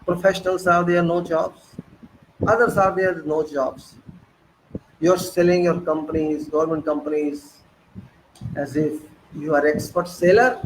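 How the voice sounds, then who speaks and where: A man's voice: a little high, fairly even intonation, unhurried, long pauses, a little hiss or hum, rough recording. A man with an Indian English accent delivering an impassioned political monologue, firing off indignant rhetorical questions with sarcastic jabs. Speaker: political commentator.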